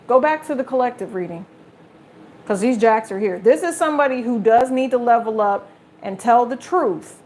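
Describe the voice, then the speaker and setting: A woman's voice: mid-range voice, a little hiss or hum. A woman giving a casual tarot reading straight to her viewers, blunt and chatty, swearing freely. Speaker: tarot reader.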